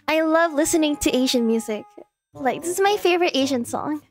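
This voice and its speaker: Very high giggly woman streamer. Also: a little fast, soft background music. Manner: giggly, playful and sarcastic. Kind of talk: casual live-stream chat.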